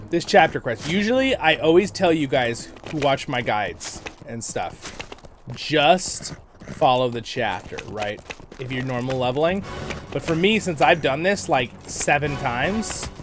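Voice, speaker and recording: A man hosting a livestream, chatting casually and rambling as he plays, laughing often. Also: medium pitch. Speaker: livestream host and guide. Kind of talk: casual gameplay commentary.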